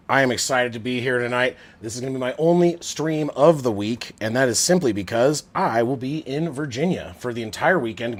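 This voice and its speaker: A man around forty hosts a live sports stream in an easy, rambling chat. He talks with plenty of fillers and restarts, and his voice comes through a Bluetooth headset. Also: medium pitch. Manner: chatty, rambling, many fillers.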